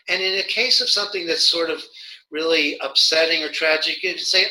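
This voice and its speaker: A man's voice: a little high, pushed and bright, poor audio. A man being interviewed as a guest, talking through communication ideas with frequent restarts and acted-out examples. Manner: halting, many restarts, acts out quoted examples. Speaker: guest, nonviolent communication educator. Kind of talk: conversational interview.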